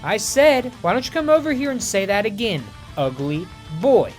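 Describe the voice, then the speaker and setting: A man's voice: high voice, wildly swooping pitch, a little fast, faint music behind. A man voicing a bold woman hero with a mocking way of talking. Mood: taunting.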